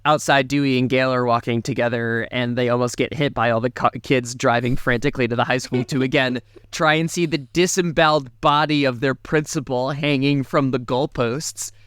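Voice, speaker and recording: Podcast co-host, male, animated casual recap, clean resonant voice, dry sound. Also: a little fast, few pauses, clear, resonant tone, no echo. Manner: animated, jumps into high mocking impressions.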